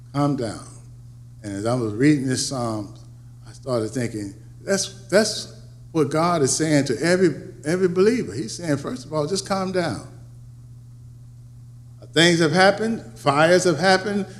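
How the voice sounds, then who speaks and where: A pastor delivers a sermon, his voice climbing to emphatic peaks before falling low and quiet. He often repeats words and starts phrases over.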